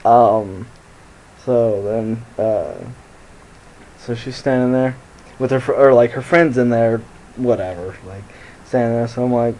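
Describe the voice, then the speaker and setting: A man's voice: mid-range voice, normal speed, darkish tone, low-quality recording. A young man telling a rambling, profane story into his phone and laughing at his own jokes. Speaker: vlogger. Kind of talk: casual storytelling to camera.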